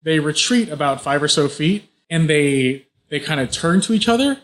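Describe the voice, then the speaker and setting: A man's voice: a little high, animated, fairly bright tone. Man running a tabletop game. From Southern United States. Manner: casual, halting narration with fillers. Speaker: game master.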